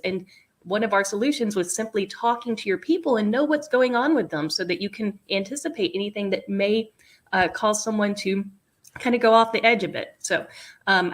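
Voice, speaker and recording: A woman from the US South co-hosting a podcast, warm and affirming toward her guests. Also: medium pitch. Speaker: podcast co-host. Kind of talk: casual podcast interview.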